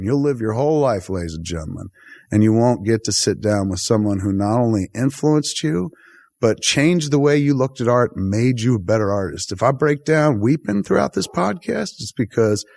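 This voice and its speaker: A man hosting a podcast interview, talking in an excitable, effusive and profane way. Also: mid-range voice. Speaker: podcast host.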